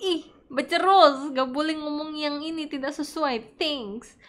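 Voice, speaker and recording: A woman with an Indonesian accent streaming a game, casually chatting, reading the game text aloud and breaking into excited shrieks. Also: high-pitched, brisk. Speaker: VTuber streamer. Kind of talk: casual gameplay commentary.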